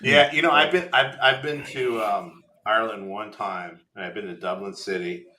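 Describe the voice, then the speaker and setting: Low bright-toned guy, keeps jumping in with questions, echoey roomy sound. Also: a little hiss or hum. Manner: eager, quick to interject with questions. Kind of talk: casual chat. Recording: roomy echo.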